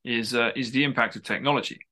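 A man's voice: mid-range voice, fairly even intonation, fast, bright, forceful tone. A man being interviewed as an author, talking at length in an emphatic, discursive way with frequent restarts. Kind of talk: conversational interview.

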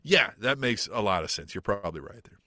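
Bright, dry-sounding male podcast co-host. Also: lowish voice, lively intonation, a little fast, dry recording. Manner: casual, laughs often, swears. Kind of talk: casual wrestling podcast chat.

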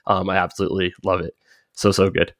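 A man's voice: deep voice, little pitch movement, quick pace, fairly bright tone, no echo, clean studio sound. A man hosting a podcast, upbeat and chatty, with an enthusiastic, casual way of talking. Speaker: podcast host.

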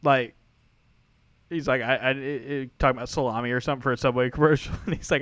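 A man's voice: mid-range voice, steady tone, fast talker, fairly bright tone, dry recording. A man co-hosting a casual sports podcast, rambling with many fillers and restarts, often laughing. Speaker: podcast co-host.

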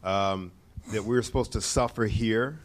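Male group member, low voice, halting delivery with frequent "uh"s. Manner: halting, many pauses and "uh"s. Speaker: group participant. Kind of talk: casual discussion.

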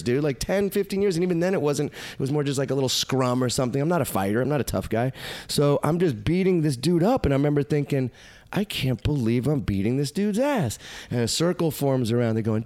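Profane, animated male storyteller. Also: medium pitch. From United States. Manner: animated, profane, acts out quoted voices. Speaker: podcast guest. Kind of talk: casual storytelling.

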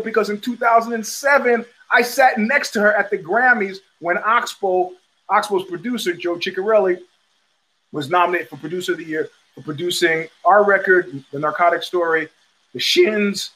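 A man's voice: high-pitched, fairly quick, fairly bright tone, rough recording. A middle-aged man hosting a show, telling a long profane story and acting out the people in it. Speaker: host. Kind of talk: storytelling monologue.

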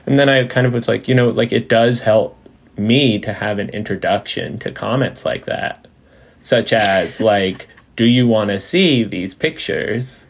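A man's voice: lowish voice, fairly even intonation, a little slow. A man as a podcast guest, telling stories in casual chat, rambling with lots of fillers, laughing, and quoting his mother in her voice. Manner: acts out his mom's voice when quoting her.

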